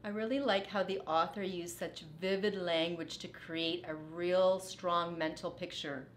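A woman teacher reading a storybook aloud to children, expressive and unhurried, stopping to comment on the writing. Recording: echoey room with faint rumble.

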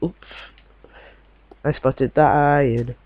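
A man's voice: mid-range voice, steady tone, slow, phone-quality sound. A young man giving casual, chatty commentary while playing a game, talking to himself in a slightly posh way. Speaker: gamer.

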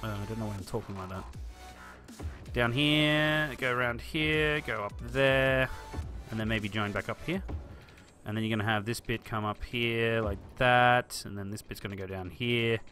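A man's voice: medium pitch, steady tone, measured pace, bright, forceful tone, soft background music. A man chatting casually through a live stream of a city-building game, thinking aloud and answering viewers. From Australia. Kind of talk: live-stream gameplay commentary.

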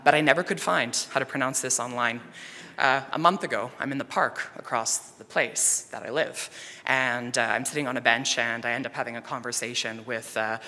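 Male conference presenter, bright and chatty, telling stories in a reverberant hall. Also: mid-range voice. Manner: conversational, many fillers, animated retelling. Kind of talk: storytelling presentation.

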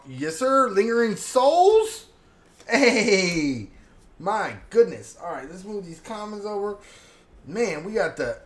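A man hyped up while opening card packs, counting out loud and calling out each card he pulls. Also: sits high. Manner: hyped, counts cards aloud, names each pull. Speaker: card pack opener. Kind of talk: casual card-opening commentary. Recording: roomy echo, faint background hum.

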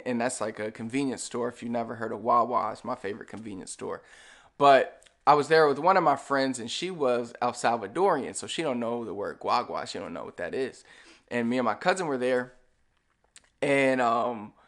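Young male language teacher, easygoing and chatty, casual video-lesson delivery. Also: medium pitch. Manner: relaxed and chatty, with frequent fillers and "all right"; speaks to the viewer directly, explaining step by step.

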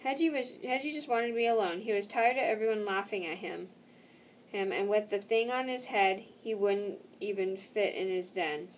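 A woman reading a children's picture book aloud, slow and careful, stopping now and then for casual asides. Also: mid-range voice, distant mic, a little hiss or hum, poor audio.

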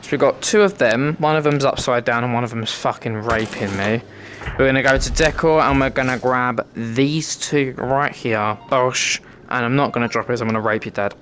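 A man's voice: mid-range voice, moderate pace, hardly any pauses, fairly bright tone, a little hiss or hum. A British man giving cheeky, sweary commentary while playing a VR game. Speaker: gamer content creator. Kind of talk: casual gameplay commentary.

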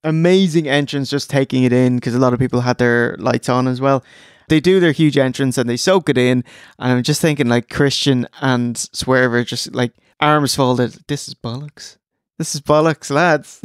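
A man's voice: mid-range voice, moderate pace, smooth, no echo, clean studio sound. A young Irish man co-hosting a casual wrestling podcast late at night, joking and enthusiastic, tired from the early hour. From Ireland. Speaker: podcast co-host.

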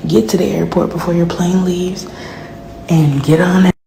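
A woman ranting candidly about herself, profane and frank, often dropping into soft whispered asides. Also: fairly low pitch, fairly even intonation, normal speed, creaky, a little hiss or hum, rough recording. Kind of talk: candid personal rant.

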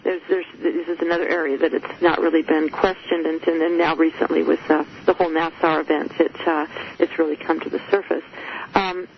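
A woman radio host speaks earnestly, pressing her points with firm emphasis. Her voice has a gravelly edge. The broadcast sound is muffled, with a faint hiss behind it. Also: low-pitched, little pitch movement. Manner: earnest, emphatic, halting with fillers. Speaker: radio show host, psychologist. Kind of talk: radio interview.

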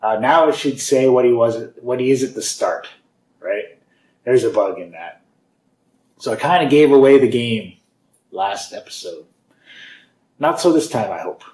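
A man hosting his own game series, chatting casually as he plays and reads through code, rambling and often laughing softly. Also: mid-range voice, animated, unhurried, pauses often. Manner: rambling, chatty, with frequent fillers and small laughs. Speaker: host of a game and source-code video series. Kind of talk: casual commentary while playing and reading code.

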